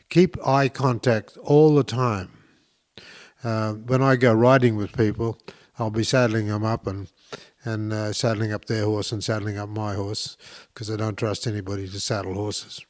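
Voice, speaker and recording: A man's voice: on the low side, fairly even intonation, a little slow. A man hosting a talk show, explaining things in an enthusiastic, rambling way with many fillers and restarts. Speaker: podcast host. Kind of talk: casual instructional talk.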